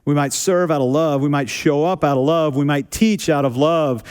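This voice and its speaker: A man's voice: on the high side, steady tone, moderate pace, a little mellow, clean tone. A man preaching a sermon as a pastor, talking casually with self-deprecating humor and repeating phrases for emphasis. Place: church sanctuary.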